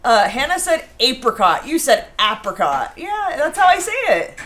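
Woman, baking stream host, casual chat, reads viewer comments, lively pitch. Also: moderate pace, noisy background. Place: home kitchen.

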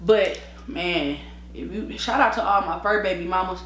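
A woman's voice: on the low side, normal speed. A tired woman chatting casually while eating on camera, telling slangy stories with lots of laughter. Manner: animated, slangy storytelling with frequent laughs; eating and sipping between sentences. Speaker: mukbang vlogger. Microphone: own microphone. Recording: echoey room.

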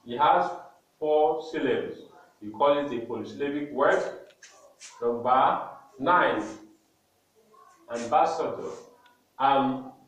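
A male teacher giving a lesson slowly and deliberately, repeating each word for emphasis. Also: mid-range voice, fairly bright tone. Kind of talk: classroom lesson. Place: classroom. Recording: very echoey classroom, mic far off, faint noise.

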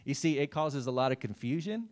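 A male pastor preaching a sermon in a relaxed, conversational way, calling out listeners by name and checking in with "right?" and "amen.". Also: medium pitch, fairly quick. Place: church service.

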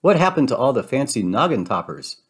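A man's voice: mid-range voice, very animated, brisk, husky. A man voicing a folksy, forgetful female cartoon cow in a storybook read-aloud, with homespun talk.

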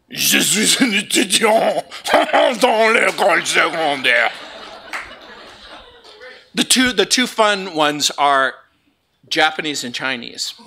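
Bright, lively man preaching a sermon. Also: on the high side. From Southern California. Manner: joking, lively storytelling. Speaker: pastor. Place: church sanctuary.

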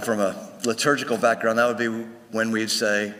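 A man's voice: medium pitch, a little fast, hardly any pauses, bright, forceful tone. A male pastor preaching a sermon to his congregation in a conversational way, often restarting his phrases. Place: church sanctuary. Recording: long hall reverb.

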